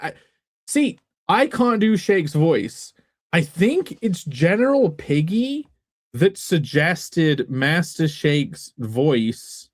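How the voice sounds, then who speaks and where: A man talking casually on his live stream about his comics, rambling and cutting himself off with jokes. His pitch rises and falls a lot, and the sound is close and dry, with no room echo. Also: very animated, takes it slowly. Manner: rambling, self-interrupting, joking. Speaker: comic book creator and streamer.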